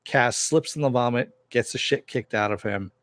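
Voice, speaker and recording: A man's voice: medium pitch, normal speed, dry recording. A man giving a casual, rambling recap of a TV episode, full of fillers and asides. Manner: rambling, filler-heavy storytelling. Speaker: TV recap reviewer.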